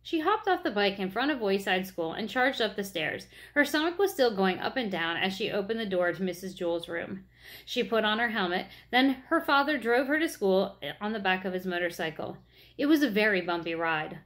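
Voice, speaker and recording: Expressive woman reading a children's book. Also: mid-range voice, moderate pace. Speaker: reader.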